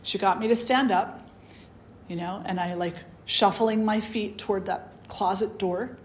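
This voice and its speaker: Woman spiritual teacher, conversational storyteller, animated and filler-heavy. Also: mid-range voice, a little slow, slight background noise. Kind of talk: storytelling talk.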